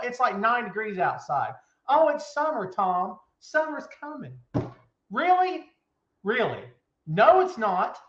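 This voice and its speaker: Hyped man hosting from an echoey office. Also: sits high. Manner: loud, joking, hyped. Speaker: show host. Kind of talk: live show, casual chat. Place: office with bare floor and window. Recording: echoey room, dull lo-fi sound.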